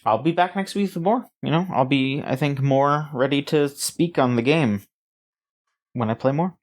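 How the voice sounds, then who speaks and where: Rambling man co-hosting a gaming podcast. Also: mid-range voice. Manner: rambling, halting, lots of restarts and fillers. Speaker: podcast co-host. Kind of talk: casual gaming news chat.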